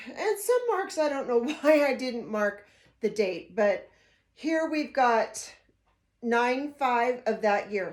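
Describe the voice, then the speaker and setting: An older woman vlogging casually at home, chatty and emotional, rambling with frequent restarts. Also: a little high. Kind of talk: casual vlog talk to camera. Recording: echoey room.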